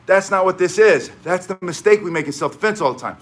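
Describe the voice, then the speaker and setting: A man's voice: high voice, animated, quick pace, slight background noise. A man teaching self-defense on a live stream, talking to viewers in an emphatic way, repeating short punchy phrases and drifting into asides. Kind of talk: live-streamed training talk, chatting with viewers.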